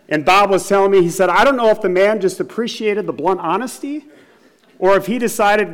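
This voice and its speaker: A middle-aged man with a high voice preaches to his congregation. He tells stories and acts out the people he quotes. He drives his points home with emphatic, repeated questions. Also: moderate pace. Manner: storytelling with acted quotes, rising to emphatic repetition. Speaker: pastor. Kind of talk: sermon.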